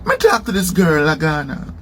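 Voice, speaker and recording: A man with a Jamaican accent from Jamaica, telling a travel story in casual patois with lively emphasis. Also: fairly high pitch, normal speed, slight background noise. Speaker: traveler sharing his story.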